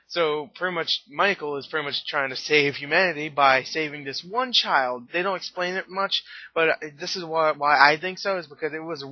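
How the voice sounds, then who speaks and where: A worn-out man talks through a movie review in a loose, rambling way, laughing often and catching his breath. His voice sits a little high. The sound is dry and dull, like a cheap home mic. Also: no room sound. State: tired and out of breath. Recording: dull lo-fi webcam audio.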